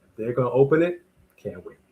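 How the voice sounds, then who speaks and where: A man's voice: medium pitch, very animated, quick pace, narrow, tinny audio. A man co-hosting a live wrestling watch-along, chatting casually and animatedly as he reads out viewers' greetings and weather. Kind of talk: casual live-stream chat.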